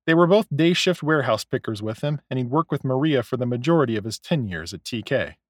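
A man narrating a novel as an audiobook, in a measured, expressive storytelling way. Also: mid-range voice, no echo, clean studio sound. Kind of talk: scripted narration.

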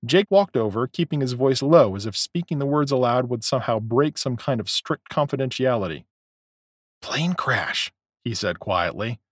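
A man narrating a novel as an audiobook, in a measured, expressive storytelling way. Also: medium pitch, no echo, clean studio sound. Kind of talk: scripted narration.

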